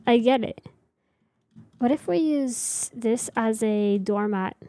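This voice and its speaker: A woman's voice: on the high side, slow, mellow. A young woman streamer chatting casually with her viewers while building in a game, rambling and answering chat.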